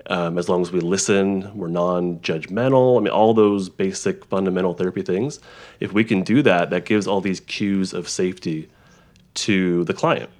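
A man who works as a therapist, explaining ideas in a halting conversational way, with frequent restarts and examples. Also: low-pitched, steady tone, darkish tone. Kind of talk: conversational interview.

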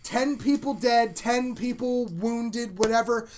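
A woman co-hosting a crude comedy podcast, loud and animated, often shouting and laughing as she talks. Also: fairly high pitch, takes it slowly, faint music behind. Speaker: podcast co-host.

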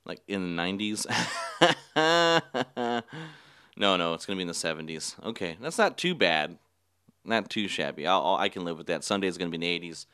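A young man tells a rambling story on his podcast, laughing often and swearing now and then. His lowish voice is smooth and resonant and swings freely in pitch. It is recorded dry and close in a small studio. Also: fairly bright tone, dry recording. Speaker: podcast host. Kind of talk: casual solo podcast storytelling.

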